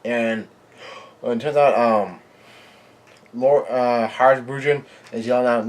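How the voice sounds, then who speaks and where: Halting man reading aloud live. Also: mid-range voice, fairly even intonation. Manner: halting, with frequent fillers and restarts. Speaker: channel host reading and reacting to a comic chapter.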